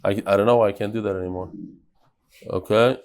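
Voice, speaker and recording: A man teaching a lively Talmud class and talking straight to his students. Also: on the low side, quick pace. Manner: animated, talks to the students. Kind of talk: lively Daf Yomi class.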